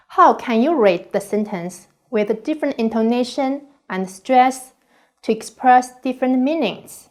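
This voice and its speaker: Slow, careful higher-pitched woman lecturing. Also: lively intonation. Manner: slow, deliberate, carefully enunciated. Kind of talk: scripted online course lecture.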